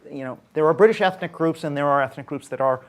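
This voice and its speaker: Speaking fast in a voice on the high side, this Canadian man is a social scientist on a panel at a debate event. He gives an earnest public talk, frequently fixing his wording partway through sentences.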